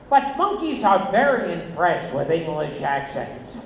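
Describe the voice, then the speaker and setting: A man performing a stand-up comedy set on a casino stage, with shrill, abrupt outbursts and deadpan asides. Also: normal speed, vocal fry, hardly any pauses, a crowd in the background. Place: casino stage, live audience. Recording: echoey, noisy audience bootleg.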